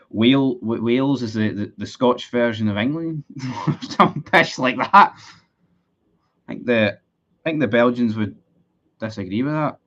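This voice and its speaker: A Scottish man with a fairly low voice talks through a live football match for his stream, swearing at his team and answering viewers in the chat. His audio is dull and lo-fi, like a cheap streaming setup. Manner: frustrated, sweary, chatty with viewers. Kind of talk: live match watchalong commentary.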